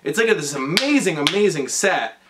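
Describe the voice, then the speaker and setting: A man's voice: fairly high pitch, sing-song, moderate pace, background noise. A tipsy man rambling through a comedic drunken retelling of a movie, heavy on fillers and swearing. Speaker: drunk storyteller.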